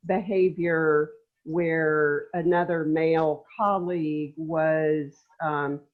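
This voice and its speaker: Slow low-voiced woman on a tinny line. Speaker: participant. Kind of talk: casual group discussion. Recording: tinny phone-like call audio.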